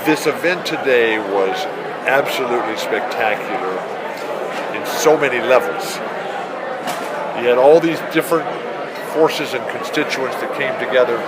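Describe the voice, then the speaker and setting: Earnest male speaker paying tribute, very slow and halting; loud crowd behind. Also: medium pitch. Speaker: team member speaking at a tribute event. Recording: loud crowd and noise at public event.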